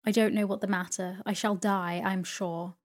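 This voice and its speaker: A woman's voice: mid-range voice, little pitch movement, moderate pace, lightly acted. Woman voicing a frail, helpless young mother in a storybook, faltering and meek, close to her own reading voice. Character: timid, fragile young widowed mother.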